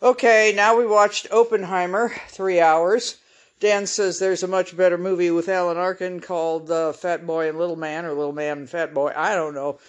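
A woman's voice: on the low side, fairly even intonation, normal speed. A woman hosting her own podcast in a casual solo monologue, blunt and opinionated, swearing freely and chuckling at her own asides. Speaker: podcast host.

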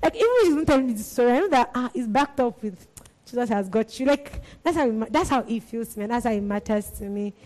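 A woman urges church volunteers, hammering short phrases again and again. Her voice sits a little high and breaks into frequent laughter. The sound carries a long reverb from a church hall. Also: expressive, fast, a little mellow. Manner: repetitive, emphatic, laughs often. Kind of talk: exhortation to church workers.

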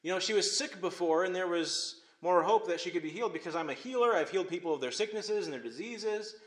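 A male pastor preaching a sermon, swinging between emphatic loud phrases and hushed, quiet ones. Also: high voice, expressive, fast talker. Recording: echoey room.

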